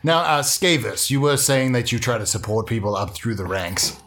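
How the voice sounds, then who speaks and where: A man hosting an improvised comedy chat, asking excitable, playful questions. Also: medium pitch, normal speed. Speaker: podcast host.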